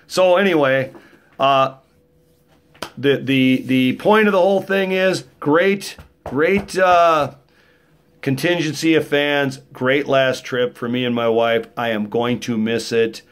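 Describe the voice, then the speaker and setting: A man's voice: medium pitch, slow. A middle-aged man, telling stories in a rambling, joking monologue. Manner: rambling, joking, rough-edged storytelling. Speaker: vlogger. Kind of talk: casual monologue.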